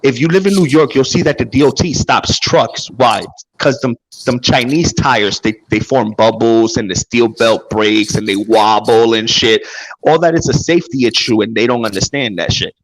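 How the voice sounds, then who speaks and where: A man's voice: moderate pace, low-quality recording. An everyday man in casual conversation with a mid-range voice. He makes his case with emphasis and breaks things down piece by piece. He acts out both sides of old arguments as he goes. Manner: emphatic, explains with role-played sales pitches. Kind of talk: casual chat.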